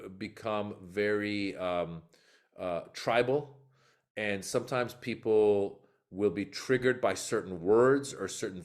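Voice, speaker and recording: A man who is a comedian and guest on a podcast, telling animated stories that act out what people said. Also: lowish voice. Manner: animated, acts out quotes in story. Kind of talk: podcast interview storytelling.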